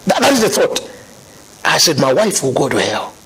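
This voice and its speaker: Husky, animated man telling his story. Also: a little high, moderate pace. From Zambia. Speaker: guest sharing testimony. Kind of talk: conversational storytelling.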